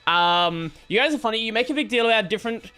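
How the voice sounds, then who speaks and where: This is a streamer talking off the cuff with a high, very expressive voice that rises and falls a lot. He restarts his sentences as he works things out aloud, and he has a bright, forward tone. Soft game music plays underneath. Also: fast talker, clear, resonant tone. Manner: rambling, restarts while thinking aloud. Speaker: gaming streamer. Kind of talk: casual live-stream chat.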